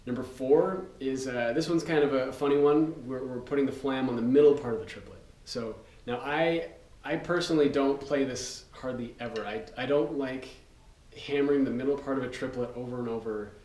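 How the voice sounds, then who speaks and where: A man with a mid-range voice speaks at a normal speed as a drum teacher, casually explaining rudiments. He's relaxed and loose, using fillers and counting aloud, and the recording is roomy, with a distant mic and loud noise.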